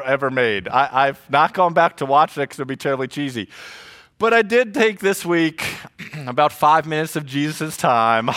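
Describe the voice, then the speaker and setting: A middle-aged male pastor delivering a lively, joking sermon to a congregation, talking to them like friends. His voice sits a touch higher than most men's. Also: clean tone. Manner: animated, joking, conversational preaching. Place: church service before a congregation.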